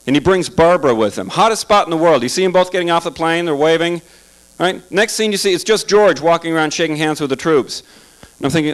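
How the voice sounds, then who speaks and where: A man's voice: on the high side, quick pace, poor audio. A man doing a stand-up comedy set in a club, sarcastic and chatty, asking the crowd questions.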